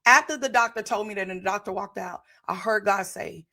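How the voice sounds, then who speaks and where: A woman in her forties hosts a podcast, her medium-pitched voice bright and forceful, intonation fairly even, speed normal, with few pauses. She delivers a fervent motivational testimony to viewers, preacher-like, repeating phrases for emphasis.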